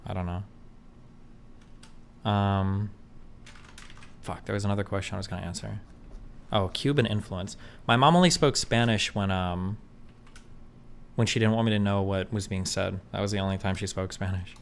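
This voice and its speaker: Reading out chat questions, this streamer answers in a casual, blunt, profane ramble packed with fillers. His lowish voice has vocal fry and a steady tone at normal speed, and he pauses often. There's slight background noise.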